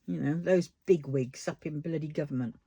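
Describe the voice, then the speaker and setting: Heard with no echo, a crafting vlogger with a British accent speaks at a moderate pace in a gravelly, husky voice. While diamond painting she chats casually and rants hotly, cursing often, her pitch rising and falling when she's worked up.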